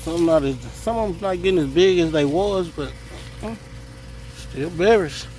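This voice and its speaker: A man's voice: high voice, moderate pace, darkish tone, low-quality recording. A man giving an easygoing, thinking-aloud tour of his home garden outdoors, filmed on a handheld phone. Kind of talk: casual garden walk-through. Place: outdoor garden on a hot day.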